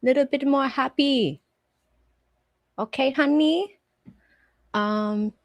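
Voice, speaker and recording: A woman's voice: mid-range voice, a little mellow, dry recording, studio quality. A woman hosting a live stream, chatting casually and profanely, rambling through anecdotes before turning to trial commentary.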